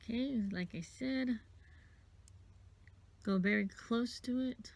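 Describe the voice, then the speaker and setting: Casual craft vlogger, female, sniffly, gravelly, unhurried, rambling delivery, dry close sound. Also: a little high, darkish tone, no room sound. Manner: rambling, self-interrupting, counting beads aloud.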